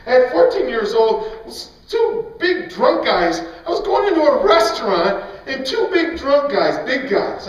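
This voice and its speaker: Emphatic Christian storyteller, man, high voice, far mic in echoing hall. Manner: animated, emphatic, often laughing. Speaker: speaker at a Christian event. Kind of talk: storytelling talk. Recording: echoey hall, mic far off, dull sound.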